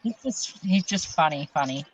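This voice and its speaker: A woman's voice: deep voice, animated, normal speed, no room sound, low-quality recording. A woman co-hosting a podcast in casual chat, chatty and enthusiastic, laughing easily. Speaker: podcast co-host.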